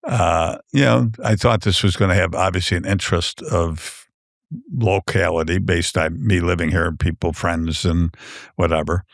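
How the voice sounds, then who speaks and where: Deep-voiced man telling a rambling story. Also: fairly even intonation, moderate pace, vocal fry, no room sound, clean studio sound. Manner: rambling storyteller, many restarts and fillers. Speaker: author guest. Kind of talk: casual podcast chat. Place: podcast studio.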